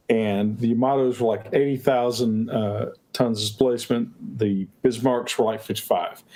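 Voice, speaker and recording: A man's voice: mid-range voice, darkish tone. A man co-hosting a livestream chat, talking bluntly and teasing the others. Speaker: lawyer and co-host. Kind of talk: casual chat.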